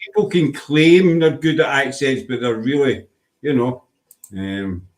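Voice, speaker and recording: A man's voice: medium pitch, a little slow. A man hosting a casual live online chat, teasing his guest and reading out viewer comments. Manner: chatty, teasing, reads viewer comments aloud. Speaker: host.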